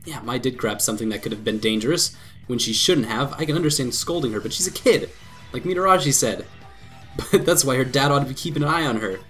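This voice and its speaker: A man hosting a let's play, reading a visual novel aloud with quick laughs and commentary. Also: mid-range voice, faint music behind. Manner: lively reading broken by laughs and asides.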